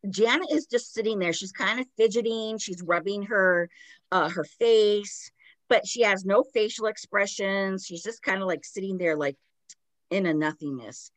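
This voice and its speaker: A woman hosting a casual chat, telling a story with lively energy and acted-out quotes. Her voice sits in a middle register and is recorded very dry and close, with no room sound at all. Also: medium pitch, normal speed, no room sound. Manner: animated retelling with acted quotes, laughs, swearing. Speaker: podcast host.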